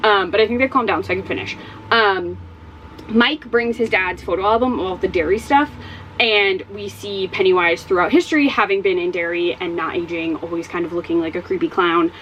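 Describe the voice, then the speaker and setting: A woman's voice: mid-range voice, fairly quick, fairly bright tone, lo-fi sound, a little hiss or hum. A woman chatting casually in a reading vlog at home, rambling and exclaiming, repeating her points. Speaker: book vlogger. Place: home with dogs.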